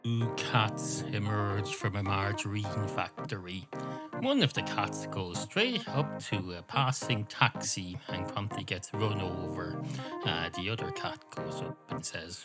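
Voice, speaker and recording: A man hosting a comedy podcast, rambling in a deadpan way, swearing and interrupting himself. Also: fairly low pitch, unhurried, over loud music. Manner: profane, self-interrupting, deadpan. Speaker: podcast host.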